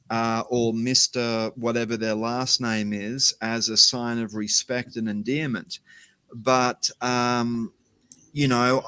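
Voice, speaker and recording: A man's voice: medium pitch, bright, forceful tone, clean tone, dry recording. A middle-aged man chatting casually as an interview guest, hesitant with many fillers. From Australia. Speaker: guest, company CEO.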